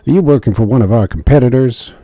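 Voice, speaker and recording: A man voicing a gruff, commanding mercenary colonel in a video game who briskly briefs a survivor and calls him son. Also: low-pitched, expressive, warm tone, no echo, heavily acted. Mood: suspicious.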